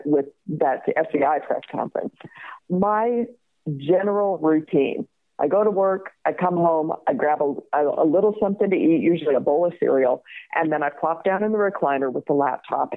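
Over a tinny phone line, a low-voiced woman in her fifties tells her story as an interview guest, a survivor of crime. She recounts it in a lively way, laughing often and acting out the other people's voices.

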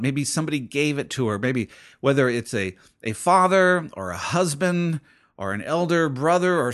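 A man's voice: fairly high pitch, a bit bright. A man preaching a sermon in a conversational way, thinking aloud with many restarts and asides. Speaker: pastor.

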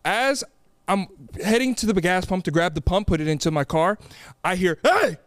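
A young man with a fairly high, smooth and clean voice, recorded dry and close on a studio mic. He co-hosts a podcast and tells a rambling story in easy, casual chat, slipping into the voices of the people he quotes. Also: animated, moderate pace, no room sound. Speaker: podcast co-host.

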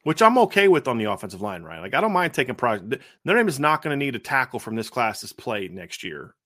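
A man's voice: mid-range voice, big pitch swings, quick pace, a bit bright, no room sound, studio quality. A man in his thirties co-hosting a casual football podcast, talking emphatically and repeating his points. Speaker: co-host of a college football show.

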